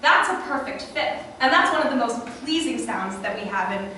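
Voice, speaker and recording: A young woman presenting a workshop to a live audience, chatty and lively, with fillers and asides to the listeners. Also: a little high, normal speed, a little hiss or hum. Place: classroom or small auditorium with an audience. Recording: echoey room, far from the mic.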